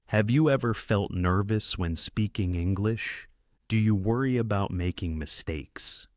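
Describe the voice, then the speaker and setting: A man hosting a podcast, giving a slow, clear, scripted English lesson to beginners in a deliberate, encouraging way that speaks straight to the listener. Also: low-pitched, darkish tone, dry recording, clean studio sound. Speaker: podcast host and English teacher.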